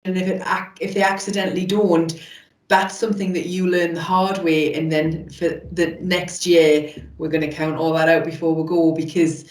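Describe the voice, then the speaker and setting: A woman hosting a podcast, asking reflective questions in a halting way with many fillers. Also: fairly low pitch, level tone. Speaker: podcast host. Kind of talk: interview questions. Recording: echoey room, distant mic.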